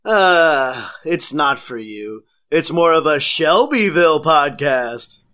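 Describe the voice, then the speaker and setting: A man voicing a smug, fast-talking male huckster with salesman patter in a cartoon promo. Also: fairly high pitch, expressive, pushed and bright, exaggerated voice.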